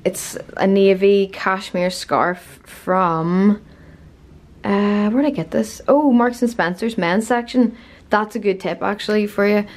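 A woman in her twenties with a Northern Irish accent, chatting casually and rambling on a vlog with lots of fillers. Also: mid-range voice. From Northern Ireland. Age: 20s. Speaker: vlogger. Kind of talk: casual chat.

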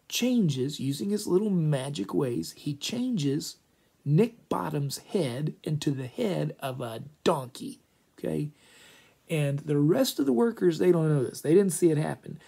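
A man retelling a play for a class in an animated, chatty way, full of asides. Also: on the high side, unhurried, vocal fry, breathy edge. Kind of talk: lively story retelling.

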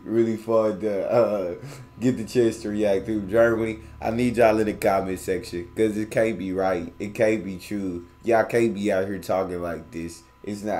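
A man from the United States hosting a reaction video, talking in a slangy, playful, teasing way and repeating words back. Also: lowish voice. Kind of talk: casual reaction commentary.

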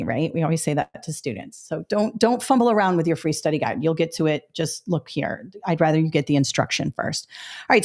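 A woman's voice: fairly low pitch, darkish tone. A middle-aged woman leads a test-prep webinar in an explanatory, step-by-step way. She talks right to her viewers and catches her own slips. Her throat sounds a little dry. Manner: explanatory, self-correcting, addresses viewers directly. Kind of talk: webinar lesson.

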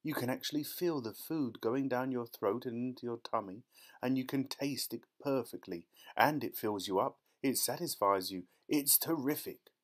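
A man reading the part of an eccentric, excitable male candy inventor with a boastful, theatrical way of talking. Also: medium pitch, normal speed, close to an everyday voice.

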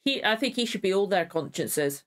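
A woman hosting a reaction video, chatting casually, excitable, swearing freely and getting emotional. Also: medium pitch, moderate pace.

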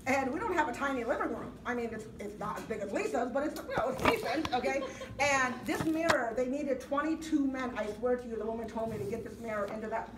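A woman chef giving a product demonstration, telling stories to a live audience in an animated way, laughing through her lines and often checking in with "okay?". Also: on the high side, fast. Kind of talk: lively storytelling to a live audience. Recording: echoey room, distant mic, loud crowd and noise.

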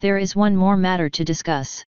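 Woman reading as wise regal pony princess, formal and gentle, low clear voice, dry dull recording. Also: normal speed, dry recording, close to an everyday voice. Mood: calm.

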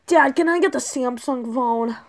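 A woman's voice: high-pitched, normal speed. A woman voicing a spoiled, whiny young male turtle prince who pleads and gushes in a homemade toy skit. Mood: eager.

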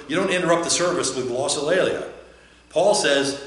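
A man's voice: a little high, quick pace, a bit bright. A male pastor giving a chatty, joking sermon, often putting questions to the listeners. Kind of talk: conversational sermon. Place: church. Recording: very echoey church.

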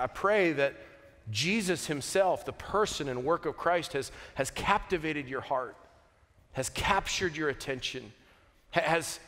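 A man preaching a sermon, earnest and unhurried, moving from quiet reflection to emphatic peaks with joking asides. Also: mid-range voice. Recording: long hall reverb.

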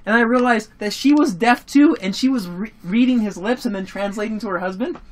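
A young adult casually telling a story and commentating a game with friends. This person laughs often, swears freely and gets excitable. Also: mid-range voice, brisk. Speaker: let's-play commentator. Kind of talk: casual gaming chat and storytelling.

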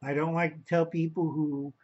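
A man's voice: a little high, flat delivery, normal speed, a little mellow, slightly rough, lo-fi sound. A man rambling through a home video monologue, talking to his viewers as boys and girls and calling himself by name in the third person. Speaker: vlogger.

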